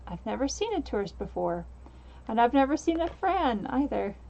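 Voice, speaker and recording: Friendly newspaper seller lady voiced by a woman, high voice, dull lo-fi audio. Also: very animated, normal speed, gravelly, darkish tone, full character voice. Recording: dull lo-fi mic.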